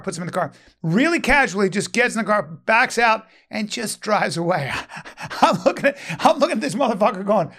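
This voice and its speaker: Man, high voice, gravelly fry, rambling profane storyteller, casual chat. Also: expressive, fairly quick, fairly bright tone. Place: Venice, Los Angeles resident.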